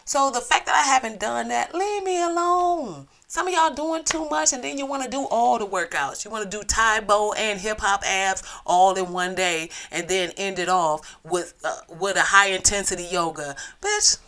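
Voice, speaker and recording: A woman's voice: mid-range voice, moderate pace, few pauses, bright, forceful tone. A woman hosting a solo podcast, ranting in a blunt, profane, sassy way. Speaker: podcast host.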